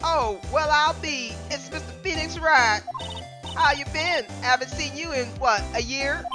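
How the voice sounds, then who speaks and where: A woman voicing a brash female paranormal photographer with a put-on American Southern drawl, loud and folksy, with game music behind her. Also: sits high, measured pace, voice pushed up. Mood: boisterous.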